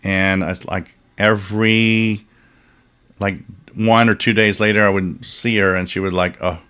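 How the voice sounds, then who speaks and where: A man with a notably low voice talks loosely as the host of a live stream. He wanders through anecdotes with soft chuckles and fillers, then reads out comments from viewers. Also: little pitch movement, a little slow, smooth. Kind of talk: casual chat.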